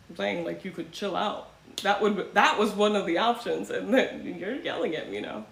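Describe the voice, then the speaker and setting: A woman's voice: mid-range voice, expressive, unhurried, gravelly. A woman hosting a casual commentary livestream, talking in a loose, sarcastic way and now and then slipping into mocking voices. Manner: conversational, sarcastic, swings into mocking put-on voices. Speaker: host. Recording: echoey room with faint ambient noise.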